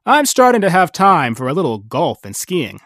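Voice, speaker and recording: A breezy, confident male executive, voiced by a woman storyteller, easy and self-assured. The voice sits lowish with a lively melody. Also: normal speed, dry recording, studio quality.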